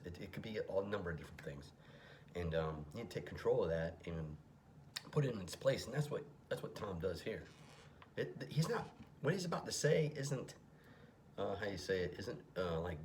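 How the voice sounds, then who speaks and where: A middle-aged man with a very deep voice talks through a song at home, reading its lyrics and unpacking what they mean. He drops to a whisper at times. A faint room hum sits behind him. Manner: reads lyrics aloud then explains them, often drops to a whisper. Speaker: music reaction commentator. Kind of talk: casual commentary on a song.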